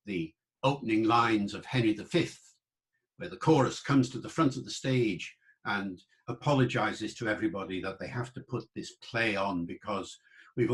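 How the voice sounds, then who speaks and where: Man giving an explanatory online lecture. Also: lowish voice. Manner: explanatory and conversational, with asides to the listener; demonstrates old pronunciations aloud. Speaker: lecturer on the English language.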